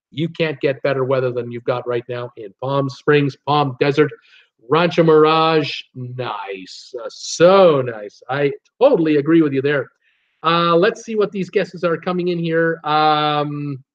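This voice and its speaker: Upbeat man hosting live trivia. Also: a little high. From United States. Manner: upbeat, reads viewer names and guesses aloud. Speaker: live stream host. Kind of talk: live trivia chat reading viewer comments. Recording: dull lo-fi stream audio.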